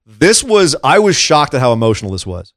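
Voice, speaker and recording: Animated man recapping a show, dry sound. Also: mid-range voice, brisk, no echo. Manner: animated, acts out quotes while retelling. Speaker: podcast co-host. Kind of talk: casual chat recapping wrestling.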